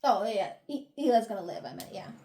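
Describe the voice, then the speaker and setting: A woman co-hosting a book review podcast, recapping chapters in animated casual chat, swearing and laughing along. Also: mid-range voice, brisk.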